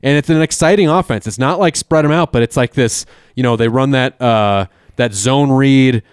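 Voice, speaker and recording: A man's voice: mid-range voice, normal speed, smooth, no echo, studio quality. A man co-hosting a casual sports talk show, eager and tripping over terms as he explains. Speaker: co-host.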